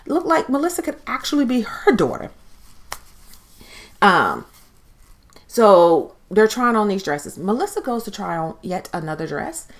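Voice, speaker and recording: A woman's voice: medium pitch, very animated, unhurried, pauses often. A woman recapping a TV show in a casual, chatty way, giving her opinions and acting out quotes. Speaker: TV recap host.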